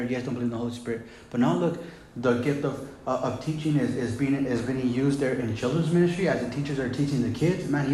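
Casual pastor preaching in an echoey room. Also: male voice, medium pitch, darkish tone. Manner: casual preaching with "man" and "right?". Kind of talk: sermon.

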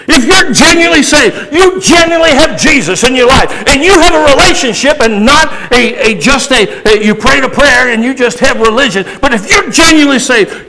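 A male pastor delivering a sermon, moving between casual asides, sudden shouts and slow emphatic stretches. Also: very high-pitched, low-quality recording.

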